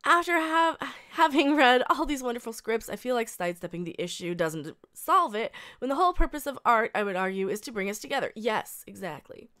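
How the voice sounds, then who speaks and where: A woman's voice: on the high side, lively intonation, brisk, hardly any pauses, sharp tone. A woman in her thirties reading a news article aloud and breaking into blunt, profane rants, often restarting her sentences. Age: 30s. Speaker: reaction video host.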